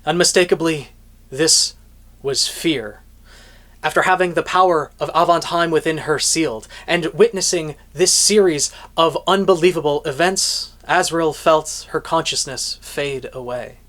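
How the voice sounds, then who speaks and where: A light novel reviewer retells a chapter with dramatic storytelling. The voice sits at an ordinary middle pitch, and the telling is broken by relaxed asides to the viewer. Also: a little slow. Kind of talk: plot recap with commentary.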